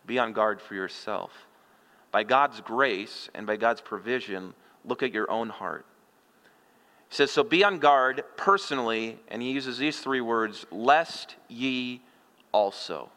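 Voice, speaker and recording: Bright-voiced middle-aged pastor preaching. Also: male voice, mid-range voice, a little slow. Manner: conversational preaching, rhetorical questions, folksy humor. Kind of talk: expository sermon. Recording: long hall reverb.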